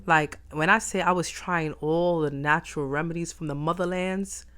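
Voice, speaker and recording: A woman's voice: low-pitched, fairly even intonation, moderate pace, a bit bright, clear, resonant tone. A woman talking in a reflective personal vlog, emphatic and repeating phrases for stress. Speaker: vlogger.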